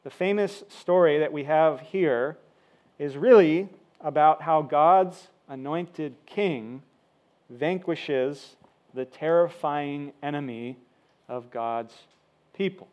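A man's voice: fairly high pitch, slow, darkish tone. A man preaching a sermon, explaining a scripture passage in an easygoing, conversational way with frequent fillers. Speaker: pastor.

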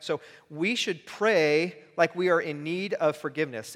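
A man preaching in a church sanctuary, his fairly high, bright voice carrying with a long hall reverb. He talks in an earnest, conversational way and keeps checking in with his listeners. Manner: earnest, conversational preaching with frequent "right?" asides. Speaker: pastor. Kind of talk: sermon.

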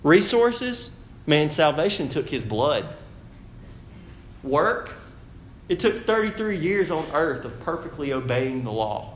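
A pastor preaches a sermon in an easy, conversational way, a little slowly and with frequent pauses, rising to loud, animated emphasis. His slightly high voice rings through an echoey church hall, with a faint hum of room noise behind him.

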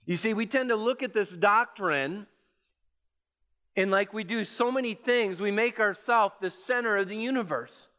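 A man preaching a sermon, reading scripture and explaining it with measured emphasis. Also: sharp tone. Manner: measured, emphatic preaching that rises in pitch as it builds.

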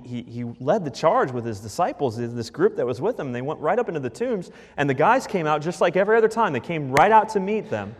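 A man's voice: mid-range voice, slightly rough. A man voicing a rattled male herdsman who tells a wild story in a folksy, breathless way, with a long hall reverb.

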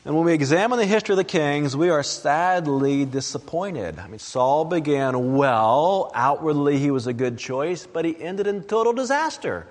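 A man preaching a sermon, reading scripture aloud in a slow and deliberate way. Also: fairly high pitch, long reverb tail.

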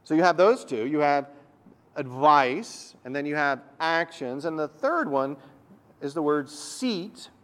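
A man preaching a sermon, earnest and explanatory, often repeating words and slowing down to stress key words. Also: fairly high pitch, expressive, a bit bright. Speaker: pastor.

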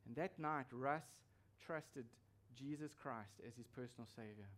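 A man's voice: mid-range voice, unhurried, fairly bright tone. A man preaching a sermon as pastor, emphatic and repeating his key phrases for weight.

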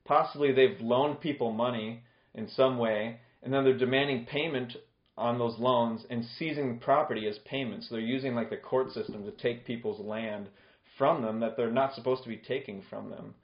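Here a male pastor with a steady, mid-range voice preaches at a moderate pace. His expository sermon is conversational, and he illustrates scripture with ordinary, everyday examples. The sound is dull and lo-fi, with noticeable room echo.

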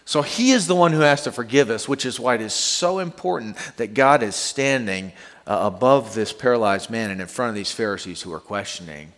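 A male pastor preaching a sermon to a congregation in a conversational, animated way. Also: mid-range voice, fairly quick. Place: church sanctuary. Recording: long hall reverb.

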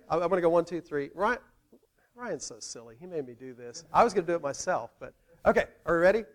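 Give me a lively male pastor preaching a casual sermon in a slightly high voice. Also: quick pace. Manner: animated, conversational, playful with the congregation.

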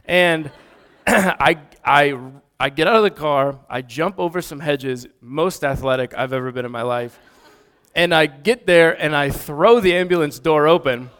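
Animated man preaching a story. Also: on the high side, unhurried, smooth. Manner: animated, acts out the story with sudden loud bursts. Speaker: pastor. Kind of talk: storytelling sermon.

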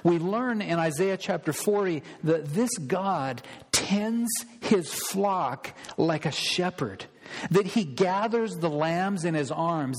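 A male pastor preaching a sermon in an emphatic style, repeating words as he stresses a point. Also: a little high. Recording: long reverb of a large hall.

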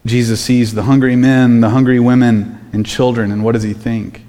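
A man's voice: medium pitch, little pitch movement, moderate pace, warm tone, long reverb tail. A man preaching a sermon as pastor, in a conversational way full of rhetorical questions.

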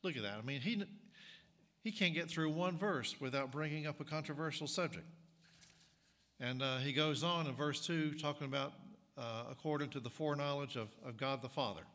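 Pastor preaching in a reverberant hall. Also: male voice, a little high, fairly bright tone. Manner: conversational, halting with frequent restarts and fillers. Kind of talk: sermon. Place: church sanctuary.

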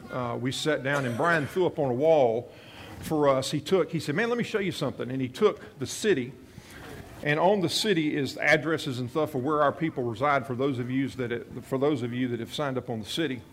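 A male pastor with a medium-pitched voice preaches a sermon at an ordinary pace, earnestly sharing a personal story. He often repeats and restarts his phrases and softly voices the prayers he quotes. The recording carries a slight hiss or hum.

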